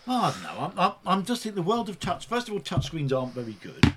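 A man chats animatedly as a podcast co-host, his pitch leaping around as he talks quickly. The recording carries a clear layer of background noise. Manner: animated, chatty, swears mildly. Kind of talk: casual chat over beers.

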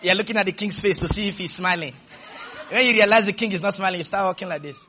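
A man preaching a sermon, leading call-and-response, breaking into shouts and drawing out words for emphasis. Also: sits high, some chatter behind, a little hiss or hum. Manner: slows to stretch words for emphasis.

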